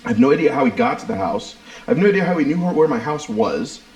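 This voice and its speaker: A man's voice: on the high side, quick pace. A man co-hosting a podcast, telling stories in casual, profane chat with friends. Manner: animated, profane storyteller acting out quotes. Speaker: podcast co-host. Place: room shared by three hosts. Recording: echoey room.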